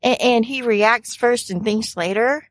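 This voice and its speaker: A woman's voice: a little high, brisk, no room sound, close to an everyday voice. A woman voicing a flustered young woman adventurer who stammers and fumbles over her words.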